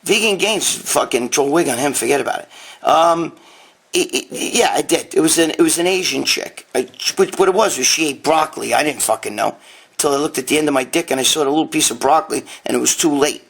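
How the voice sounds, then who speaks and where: Husky New man, a bit high-pitched, blunt and crude, live phone Q&A host. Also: a little fast, fairly bright tone. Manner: blunt, profane, rambling. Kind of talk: casual live-stream Q&A. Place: dining room at home. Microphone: handheld phone.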